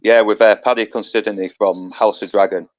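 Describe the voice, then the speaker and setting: A man's voice: lowish voice, fairly even intonation, normal speed. A man with a Yorkshire accent joining a casual podcast chat, blunt and swearing freely. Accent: Yorkshire English. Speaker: podcast guest, film reviewer. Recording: muffled lo-fi call audio.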